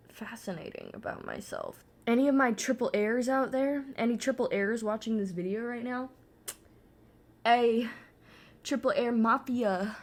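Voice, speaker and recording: Rambling young woman swearing while painting. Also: medium pitch. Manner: rambling, self-mocking, swings into sudden yelling; frequent swearing and filler "like". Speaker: vlogger. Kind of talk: casual chat while painting. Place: alone at home.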